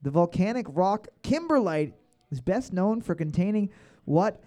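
A high-pitched man hosts a casual trivia night, his voice swinging widely as he reads questions twice and cracks jokes. He keeps things loose and animated. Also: a little slow. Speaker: trivia host. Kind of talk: casual bar trivia hosting.

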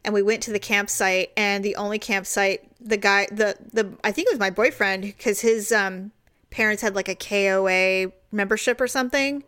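A woman's voice: mid-range voice, moderate pace, a bit bright, clean tone. A woman co-hosting a casual chat, telling a story with lots of energy and acting out the voices of the people in it. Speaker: co-host.

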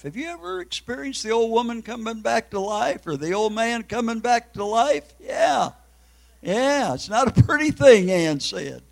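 High-voiced emotional older preacher man. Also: vocal fry, poor audio. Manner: emotional, breaks into crying. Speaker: evangelist preacher. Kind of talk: emotional testimony sermon.

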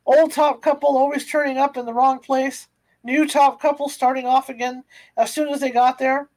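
A woman's voice: sits high, fairly even intonation, normal speed, darkish tone, poor audio. A woman narrating a classic novel aloud, sometimes stumbling and restarting words. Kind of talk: audiobook reading of a classic novel.

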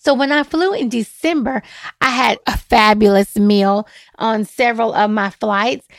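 A woman hosting her own travel podcast, talking in a chatty, animated way and chuckling often. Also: on the high side, measured pace, no echo. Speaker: podcast host. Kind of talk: casual solo podcast talk.

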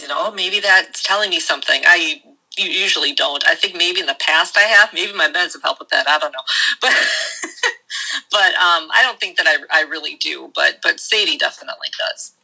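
A woman's voice: deep voice, pushed and bright, low-quality recording. A woman author with a Wisconsin accent, talking easily from her bedroom at home, with many ums and little laughs. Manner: easygoing, laughs between thoughts, many ums. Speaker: author guest. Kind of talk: casual interview.

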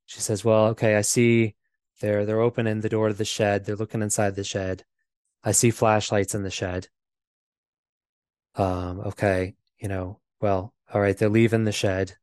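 A low-pitched man talks through a painful memory as an interview guest. His speech is halting and full of fillers and restarts. The sound is close and dry, with no room to it. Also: little pitch movement, a little mellow, clean tone, dry recording. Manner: halting, repeats himself, many fillers. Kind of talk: personal storytelling.

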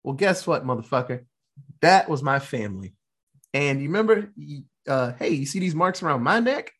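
A man voicing a vengeful male gunslinger, speaking low and blunt with curses, in a husky voice. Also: lively intonation, normal speed, fairly bright tone, full character voice. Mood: menacing.

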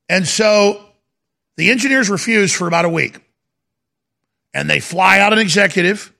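A man's voice: high voice, normal speed, creaky, pauses often, pushed and bright. A man hosting a talk radio show, talking in an emphatic, rambling monologue that repeats itself. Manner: emphatic, repetitive, insistent.

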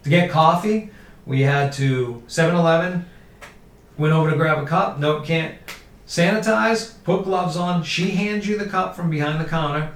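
A man's voice: on the high side, normal speed, a bit bright. A man chatting casually and profanely, telling a story and acting out the people in it. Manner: loose, profane storytelling with acted-out quotes. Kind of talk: casual chat. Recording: roomy, slightly distant mic with faint background noise.

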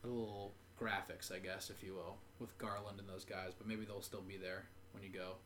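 A man's voice: sits low, level tone, normal speed, fairly bright tone, a little hiss or hum. A man co-hosting a sports podcast, telling a story in a chatty way with lots of filler words. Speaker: podcast co-host. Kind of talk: casual sports chat.

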